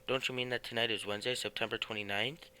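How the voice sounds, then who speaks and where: A man voicing an eager, dreamy middle-aged house painter in a read-aloud storybook, lively and animated. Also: medium pitch, quick pace, clean tone, rough recording.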